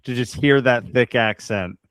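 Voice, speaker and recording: A man chats easily on a movie podcast, often stumbling over and repeating his first words. His voice has an ordinary middle pitch. The recording is dry and close-miked. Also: measured pace, a bit bright, no echo. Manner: easygoing, repeats words as he starts sentences. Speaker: podcast co-host. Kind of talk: casual movie review chat.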